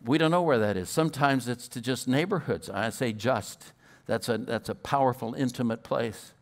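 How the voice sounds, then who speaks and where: A man's voice: medium pitch, brisk. An older man preaching a storytelling sermon, who stutters now and then and repeats his words. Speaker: guest preacher.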